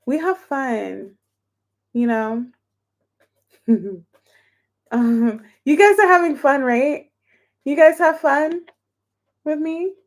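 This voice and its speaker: A woman's voice: high voice, drawn-out words, pauses often. A woman reading tarot on a livestream, counting aloud as she shuffles and chatting casually with her viewers. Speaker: tarot reader.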